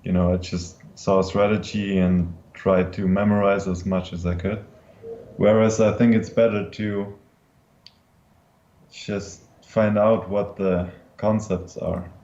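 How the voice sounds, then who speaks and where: Deep, mellow-voiced male guest. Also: level tone, slow pace. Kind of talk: casual poker chat. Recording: dull lo-fi sound.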